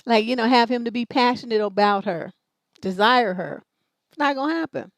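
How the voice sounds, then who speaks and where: Hosting a livestream relationship advice show, this middle-aged woman talks bluntly and swears a lot, her storytelling brash and profane. Her pitch is fairly high, her speed normal, and the recording is dry.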